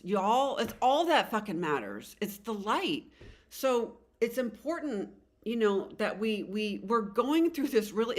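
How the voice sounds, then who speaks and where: A woman in her fifties giving a casual spiritual tarot reading to camera, excitable and rambling, swearing freely and trailing off mid-sentence. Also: on the high side. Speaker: tarot reader.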